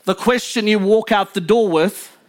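A man preaching a sermon from the pulpit as pastor, fervent and emphatic, building intensity then dropping low. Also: moderate pace.

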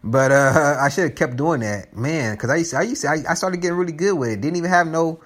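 A man's voice: fairly high pitch, fast talker. A man hosting his own podcast in casual chat, rambling and joking and often restarting his sentences. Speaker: podcast host.

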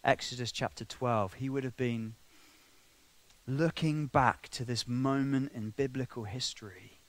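This sermon comes from a man with a mid-range voice and a measured pace. He talks conversationally with many digressions, alternating soft, intimate comments with booming, emphatic sections.

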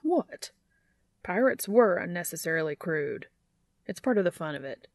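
A woman's voice: fairly low pitch, very animated, normal speed, darkish tone, no room sound, studio quality. A woman reading aloud and voicing a brash, cheerful man who jokes in a hammy pirate manner. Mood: teasing. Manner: playful, teasing.

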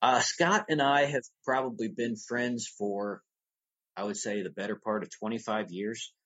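A man with a low, husky voice chats as an interview guest, telling long, easygoing stories. His audio comes through dull and lo-fi, like a remote recording. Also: fairly even intonation, moderate pace, a bit bright. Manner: easygoing, rambling storyteller. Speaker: podcast guest, audio drama producer. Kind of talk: casual interview talk.

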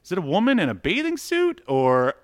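A man's voice: high-pitched, wildly swooping pitch, brisk. A man co-hosting a podcast, chatting casually about a comic book with lots of fillers. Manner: rambling, lots of fillers, reads dialogue aloud. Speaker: podcast co-host.

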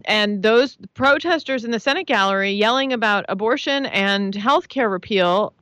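A woman's voice: mid-range voice, normal speed, bright, forceful tone, no room sound. A woman answering as an interview guest, analytical and earnest, building her points in lists. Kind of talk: radio-style interview answer.

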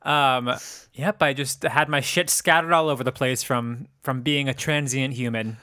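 A man co-hosting a podcast, chatting casually and telling animated stories with plenty of swearing. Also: medium pitch, normal speed, dry recording, studio quality. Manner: animated storyteller, swears freely. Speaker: podcast co-host. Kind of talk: casual chat.

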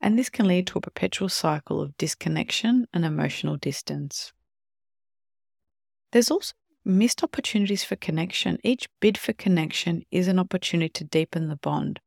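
Gravelly-voiced podcast host explaining calmly. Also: mid-range voice, normal speed, dry recording, studio quality. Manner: calm explanatory, acts out short quoted examples. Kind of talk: solo podcast talk on relationships.

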